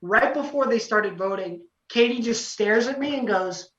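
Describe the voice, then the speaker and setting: A young man telling a story as a podcast guest, excited and rambling, full of fillers. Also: sits high, moderate pace. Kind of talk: casual storytelling. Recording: roomy, distant, dull lo-fi podcast audio.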